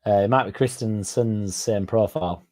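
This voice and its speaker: Low, mellow-voiced sweary man. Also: normal speed. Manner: sweary, rambling, self-mocking. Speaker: football fan channel host. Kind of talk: casual rambling chat.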